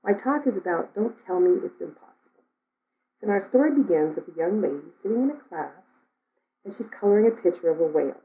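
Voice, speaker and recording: A woman's voice: on the low side, animated, fairly quick, warm tone, poor audio. A woman minister giving a conversational sermon, telling stories and reading a daily word. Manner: storytelling, conversational.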